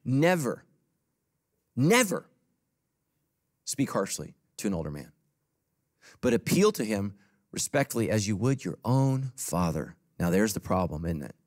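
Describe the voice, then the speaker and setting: A man preaching a sermon as pastor to a congregation in a church. He talks emphatically, swinging between loud, punchy lines and soft, low asides. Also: sing-song, moderate pace.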